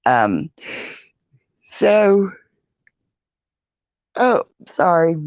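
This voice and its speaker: A woman's voice: lowish voice, sing-song, drawn-out words, no echo, highs cut off. Tired, rambling woman vlogger. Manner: rambling, chatty, with many fillers and yawns. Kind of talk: casual vlog chat. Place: outdoor porch with traffic nearby.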